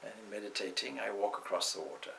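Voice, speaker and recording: Brief: swami, male, low and gravelly, rambling storyteller at an indoor talk. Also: fast, bright, forceful tone, slight background noise, low-quality recording. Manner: discursive, with asides and restarts. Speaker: swami giving a spiritual talk.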